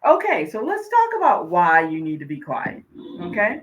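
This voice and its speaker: A woman hosting a talk show as a life coach, chatting casually and thinking aloud, then reading reflective lines in a slow, soothing cadence. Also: mid-range voice, wildly swooping pitch, poor audio.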